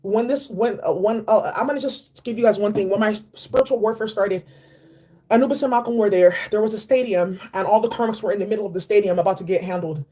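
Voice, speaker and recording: A woman giving a casual spiritual card reading, animated and slangy, repeating key phrases. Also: mid-range voice, fast talker. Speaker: tarot and oracle card reader.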